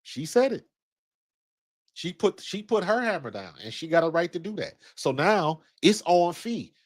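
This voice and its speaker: A high-pitched, sing-song voice at a moderate pace belongs to a fifty-something Ohio native rambling about basketball. His casual commentary, salted with personal stories, is blunt and slangy with some cursing.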